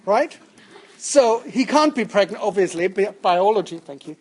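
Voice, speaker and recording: A man's voice: sits high, lively intonation, moderate pace, darkish tone. A man lecturing students in a lecture room, jokey and interactive, often putting questions to the class. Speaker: university lecturer. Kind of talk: lecturing on statistics.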